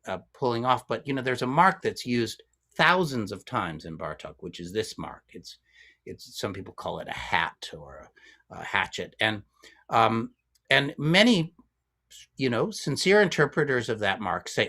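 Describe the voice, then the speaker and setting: A man's voice: mid-range voice, animated, moderate pace, bright, forceful tone. A man in his fifties, a guest violinist, explaining ideas in a casual discussion, thoughtful and rambling with frequent restarts.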